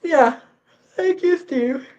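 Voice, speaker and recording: A woman's voice: high voice, takes it slowly, darkish tone. A tired woman hosting a casual live chat, reading out viewer comments and chatting back with a laugh. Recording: slightly dull lo-fi audio.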